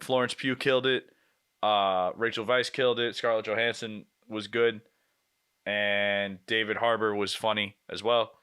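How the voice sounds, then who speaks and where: A young man hosting a casual movie recap vlog, blunt and swearing freely, with quick asides. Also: mid-range voice, bright, forceful tone, clean tone. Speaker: movie reviewer host.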